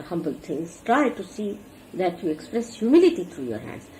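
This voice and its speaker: A woman's voice: lowish voice, dark tone, low-quality recording. A woman giving an earnest sermon to followers, teaching how to behave and showing each point with gestures. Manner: earnest, instructive, demonstrates with gestures. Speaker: spiritual teacher. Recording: archival talk recording with faint hiss.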